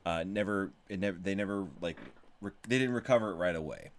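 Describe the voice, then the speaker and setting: A man in a casual podcast chat, telling rambling, animated stories with frequent swearing. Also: low-pitched, fast talker. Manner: rambling, animated, profane storytelling. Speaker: podcast participant, musician.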